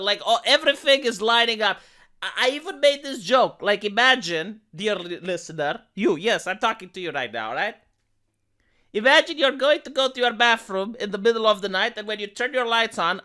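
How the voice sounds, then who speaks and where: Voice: medium pitch, lively intonation, normal speed, bright, forceful tone. A YouTuber giving an emphatic, profane and sarcastic rant in a video commentary.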